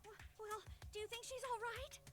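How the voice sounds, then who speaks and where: A woman's voice: very high voice, steady tone, moderate pace, over loud music, voice pushed up. A woman voicing an anxious, protective girl who stammers with urgency.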